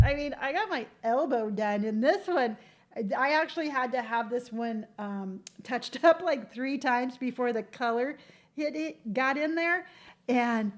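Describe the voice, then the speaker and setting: Chatty, frank older woman giving advice. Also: on the high side. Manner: chatty, frank, animated, with quick asides and mock quotes. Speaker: vlogger giving tattoo advice. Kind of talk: casual chat to camera.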